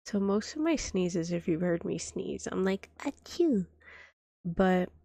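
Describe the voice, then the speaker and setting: A woman streamer with a cold, coughing now and then, softly rambling as a caring girlfriend in a whispered role-play. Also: medium pitch, vocal fry, dry recording. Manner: soft-spoken, rambling, trailing off. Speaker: vtuber streamer.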